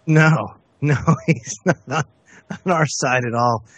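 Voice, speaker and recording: A man co-hosting a casual online radio talk show, talking in halting bursts with many restarts. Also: on the high side, no echo. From United States. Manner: halting, many restarts, reads letters aloud. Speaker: co-host.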